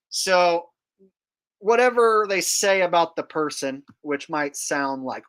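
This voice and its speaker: A man's voice: a little high, a little slow, fairly bright tone, clear, resonant tone. A man hosting his own channel and giving a casual commentary rant in a sneering, boastful tone, swearing freely. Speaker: channel host.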